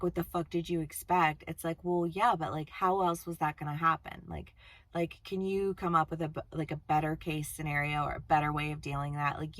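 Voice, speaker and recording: A woman giving a casual tarot reading, chatty and blunt, swearing freely and laughing often. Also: sits low. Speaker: tarot reader. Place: outdoors-ish on a windy day.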